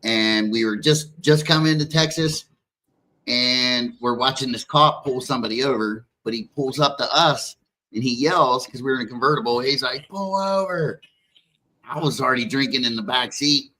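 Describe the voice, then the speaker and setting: Man, from Pennsylvania, bright voice, animated, loose, podcast guest. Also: mid-range voice, moderate pace, poor audio. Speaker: contestant guest. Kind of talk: casual podcast chat.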